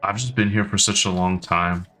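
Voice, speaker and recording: A man's voice: low-pitched, normal speed, sharp tone, faint music behind. A man in his thirties chatting casually with his stream viewers, rambling and hesitant with lots of ums and restarts. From United States. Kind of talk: casual live-stream chat.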